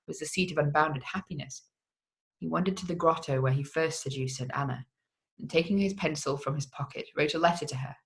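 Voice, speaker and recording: A measured narrator reading old gothic fiction aloud at a mid pitch. The delivery is deliberate and steady, with the occasional stumble corrected on the spot. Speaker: audiobook reader.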